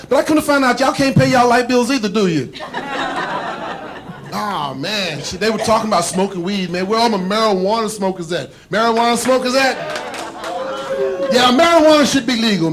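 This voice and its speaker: A man from Texas doing a stand-up comedy set, chatty and working the crowd with lots of "man" and "you know", recorded live in a comedy club. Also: very high-pitched.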